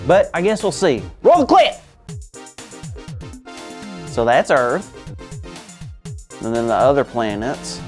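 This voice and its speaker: A woman hosting a children's church show in a bubbly, exaggerated way. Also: deep voice.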